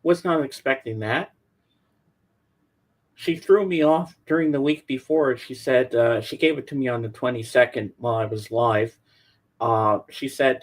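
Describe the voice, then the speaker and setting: A man's voice: medium pitch, unhurried. A man co-hosting a podcast in casual chat, telling stories in an easygoing way. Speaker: podcast co-host.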